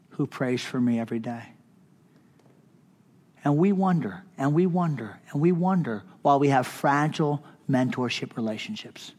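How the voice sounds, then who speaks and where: A man's voice: mid-range voice, a little mellow, big-room sound. A middle-aged man, a pastor, preaching a sermon in an impassioned, conversational storytelling way with touches of humor. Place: conference hall.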